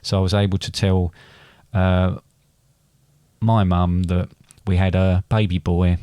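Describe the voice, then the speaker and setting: A man's voice: low voice, little pitch movement, measured pace, dark tone, clean tone, no room sound. A middle-aged man, a father and podcast co-host, chatting casually and rambling with many restarts and fillers. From England. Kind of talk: casual chat.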